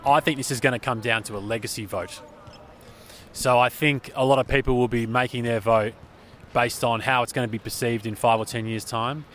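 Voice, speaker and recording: A man with an Australian accent, a sports journalist chatting as an interview guest at an arena, talking in an animated way with plenty of fillers. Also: medium pitch, brisk, slight background noise. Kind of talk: casual interview chat. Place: sports arena after a game.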